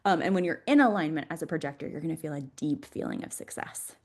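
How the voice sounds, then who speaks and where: Woman, podcast guest, deep voice, upbeat, talks freely and often laughs. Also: expressive, fast talker, vocal fry, a little mellow. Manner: enthusiastic, laughs often while explaining. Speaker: podcast guest, Human Design mentor. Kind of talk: conversational podcast interview.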